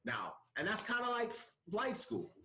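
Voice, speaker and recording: A man hosting a podcast, giving a lively pep talk with frequent repeats and restarts. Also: sits high, normal speed, reverberant, poor audio. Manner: energetic, repeats himself, pep-talk style. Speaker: podcast host. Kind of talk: casual chat.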